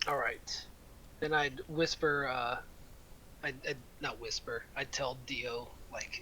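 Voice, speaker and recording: A man playing a cleric in a tabletop game, halting and full of rules questions. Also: medium pitch, fairly even intonation, bright, forceful tone, slight background noise, rough recording. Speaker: player, war cleric.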